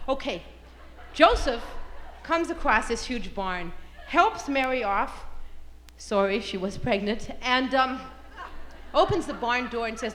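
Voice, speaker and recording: Brash high-voiced woman comic. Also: lively intonation, measured pace, fairly bright tone. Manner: brash, irreverent, punchy storytelling. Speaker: stand-up comedian. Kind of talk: stand-up comedy routine. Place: stage before a live audience. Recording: live comedy-club recording with crowd noise.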